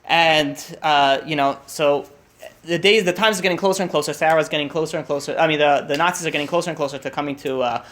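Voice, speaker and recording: Fast-talking man telling a story. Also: on the high side, fairly bright tone. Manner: rushed, restarts often, many fillers. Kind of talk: casual storytelling at a holiday meal.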